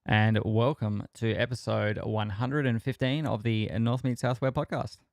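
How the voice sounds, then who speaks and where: A man's voice: mid-range voice, fairly even intonation, normal speed, gravelly, no room sound. A man with an Australian accent hosting a podcast, with a dry, teasing way of talking. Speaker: podcast host. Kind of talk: casual chat.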